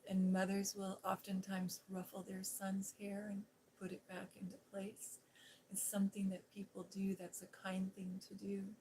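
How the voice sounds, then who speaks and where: A woman host reading a classic novel aloud in a gentle, soothing ASMR style, with whispered asides. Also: medium pitch, monotone, moderate pace, slight background noise, rough recording. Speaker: storybook reader and ASMR host. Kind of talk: softly spoken ASMR story reading.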